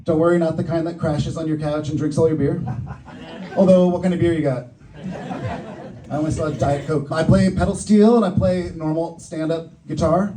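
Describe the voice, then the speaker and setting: Joking candidate at a stump speech. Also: male voice, a little high, mellow, distant mic, slight background noise, poor audio. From Boston. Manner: joking, upbeat campaign delivery. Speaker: political candidate. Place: community event hall.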